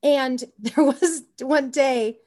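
An animated woman talks through a long story on a podcast, her voice pitched a little high. She rambles, circles back and drops in quick asides as she goes. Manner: often says "you know what I mean". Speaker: actor and podcast guest. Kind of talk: casual interview storytelling.

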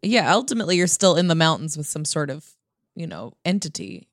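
A woman's voice: deep voice, animated, no room sound, clean studio sound. A woman hosting a podcast, chatting casually and teasing her co-host. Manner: teasing, quick to laugh.

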